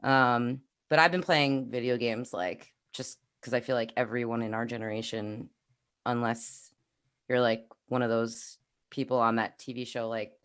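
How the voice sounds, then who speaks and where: A woman's voice: a bass voice, fairly even intonation, normal speed, smooth. A woman in her thirties from New York with a New York accent, co-hosting a podcast and chatting casually on a livestream, rambling and laughing often. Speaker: podcast co-host.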